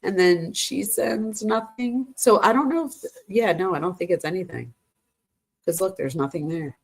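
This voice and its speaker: A woman's voice: fairly low pitch, moderate pace, creaky, breathy edge. A woman hosting a true crime live stream, reading texts aloud and reacting to them in a chatty way, talking straight to her viewers. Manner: chatty, addresses viewers as "you guys", gasps and exclaims.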